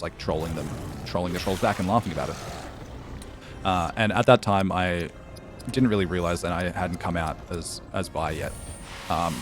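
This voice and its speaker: A low-voiced man chats casually with viewers on a live stream, reading their messages aloud. He tells a funny story, laughing a lot along the way.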